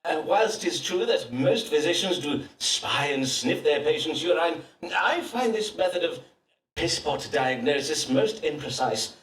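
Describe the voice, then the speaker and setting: An actor playing a pompous, self-assured Elizabethan astrologer-physician who speaks in archaic formal English. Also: male voice, on the high side, lively intonation, measured pace, a bit bright, a little hiss or hum. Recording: roomy distant game audio with faint ambience.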